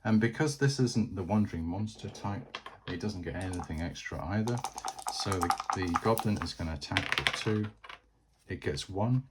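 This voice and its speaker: A man's voice: deep voice, animated, normal speed, very noisy. A man narrating a solo board game, chatty and thinking aloud as he plays.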